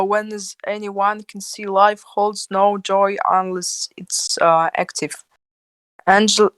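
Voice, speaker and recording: A woman reading a religious text aloud in English on an online book club call, careful and pausing often with uh. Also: mid-range voice, fairly bright tone, smooth, dry recording, rough recording. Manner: careful, filled with uh pauses. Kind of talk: reading aloud with halting pauses.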